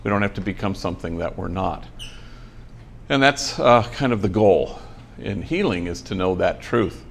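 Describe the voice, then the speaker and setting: A man's voice: deep voice, expressive, normal speed, creaky. A man, a priest, giving an inspirational talk to program trainees, telling a story with folksy dry humor and bits of Spanish slang. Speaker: priest leading a program for former gang members. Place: the program's own building, addressing trainees.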